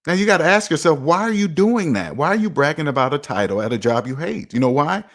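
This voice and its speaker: Guy with a kinda high voice preaching money stuff to his viewers, says everything twice for emphasis. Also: very animated, fast, a bit bright. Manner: emphatic, repeats himself for effect; preachy, talks straight to viewers. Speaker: personal finance vlogger. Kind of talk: casual motivational monologue.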